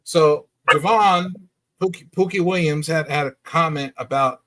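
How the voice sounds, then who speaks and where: A man's voice: a little high, measured pace, pushed and bright. A man co-hosting a casual wrestling review podcast, talking bluntly and with a lot of swearing. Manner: blunt, profane, dismissive. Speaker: podcast co-host.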